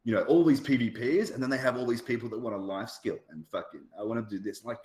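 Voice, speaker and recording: A man's voice: medium pitch, expressive, quick pace, a little mellow. A man from Australia, telling a rambling story as a podcast guest, full of fillers and asides. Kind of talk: casual storytelling chat. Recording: roomy echo.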